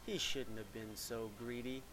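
A man voicing a big, confident male billy goat in a storybook, loud and scornful. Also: medium pitch, fairly even intonation, a little slow, music in the background, close to an everyday voice, low-quality recording.

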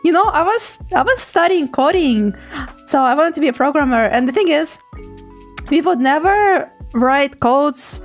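Giggly high-voiced young woman streamer. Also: expressive, unhurried, faint music behind. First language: Russian. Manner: giggly, chatty, often laughs and apologises. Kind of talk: casual live-stream chat reading out chat.

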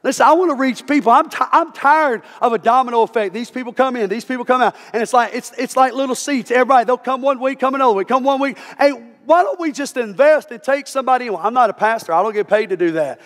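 Pastor, male, high-pitched, impassioned sermon delivery, recorded in a reverberant sanctuary. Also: quick pace, few pauses, a bit bright. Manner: impassioned preaching, repeats "listen to me". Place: church sanctuary. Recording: reverberant church hall with music.

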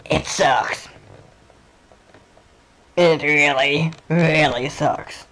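A man giving sarcastic video game commentary, jumping between high and low tones. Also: huge pitch swings, extremely slow, creaky, pauses often. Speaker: let's play commentator. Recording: game music under the voice. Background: game music.

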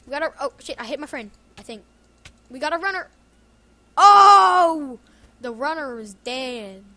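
A high-pitched woman with a bright, sharp tone, commentating her own gameplay in a loose, joking way. She keeps up a running stream of self-talk and bursts into yells and laughter as the action swings. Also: fairly quick. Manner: excitable, yelling and laughing at the game. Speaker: gaming YouTuber.

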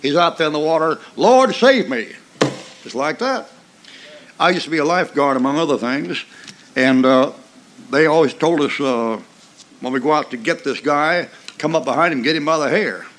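A man's voice: a little high, moderate pace, fairly bright tone. Folksy preaching older man, drawl. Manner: folksy, emphatic preaching with mocking asides and chuckles. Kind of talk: sermon.

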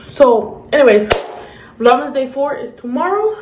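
A woman with a slightly high, expressive voice vlogs at a normal pace in her grandmother's bathroom. She's playful and hyper, squealing and beeping as she chats to the camera, in an echoey room with background noise.

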